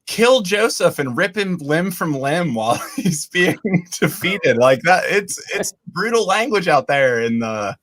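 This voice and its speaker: A man in a casual podcast chat, chiming in quickly and excitedly. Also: sits high.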